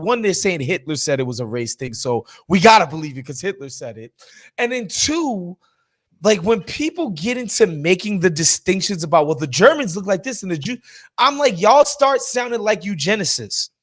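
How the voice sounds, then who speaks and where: A man from New York co-hosting a casual political chat podcast, talking in a loose, slangy and animated way and laughing often. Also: sits high. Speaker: podcast co-host.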